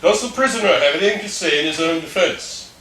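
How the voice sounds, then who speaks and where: A man's voice: on the high side, animated, bright, forceful tone. A man reading a stern court judge. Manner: formal, measured questioning. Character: stern male judge passing sentence. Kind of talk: table-read drama. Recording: echoey room, mic far off, faint noise.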